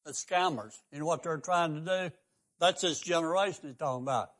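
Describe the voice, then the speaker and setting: An older man with a drawl delivers a radio sermon. His fairly high voice climbs on emphatic, repeated questions, and he talks in the fervent manner of a country preacher. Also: a little fast, fairly bright tone. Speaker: pastor and radio host.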